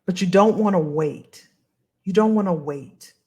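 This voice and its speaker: A woman as a career coach on a live stream. She talks straight to her viewers in an animated, emphatic way and reads out their comments casually. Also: fairly low pitch, measured pace, breathy edge.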